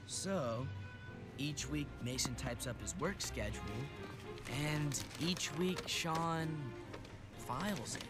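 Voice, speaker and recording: A man's voice: a little high, lively intonation, slow. A young actor playing an earnest teenage boy who narrates his job at a movie theater in an eager, bro-ish way. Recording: film clip with loud music under it.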